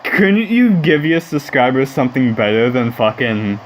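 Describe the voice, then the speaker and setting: A man's voice: medium pitch, very animated, moderate pace, low-quality recording. A man co-hosting a casual gaming podcast, talking in a blunt, profane way. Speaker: podcast co-host.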